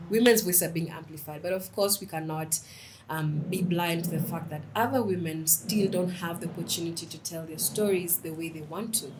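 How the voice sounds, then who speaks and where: A woman's voice: on the low side, a little fast, noisy background. A young woman, a writer, chatting as a podcast guest, telling stories animatedly and slipping in Swahili phrases. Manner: lively, animated storytelling, mixes in Swahili phrases. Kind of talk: casual interview chat.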